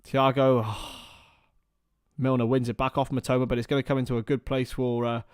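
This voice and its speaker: A young man giving partisan live commentary on a football match for a fan watchalong, chatting casually between the action and getting loud at chances. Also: medium pitch, moderate pace, clean tone, no room sound, clean studio sound. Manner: partisan, rises to excited shouts at chances.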